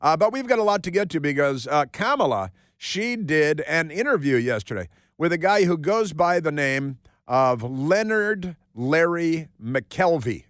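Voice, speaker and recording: A man's voice: fairly high pitch, big pitch swings, unhurried, a bit bright, no room sound. A man hosting a talk radio show, delivering a mocking, sarcastic monologue with lots of repetition and asides from a studio. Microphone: studio microphone.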